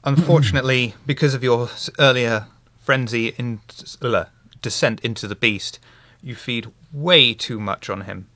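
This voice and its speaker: A man narrates a tabletop role-playing game as its game master, his voice sitting at a middling pitch. He delivers scenes with a wry, dry humour. The recording is close and dry, with no room sound. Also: moderate pace, sharp tone, no echo.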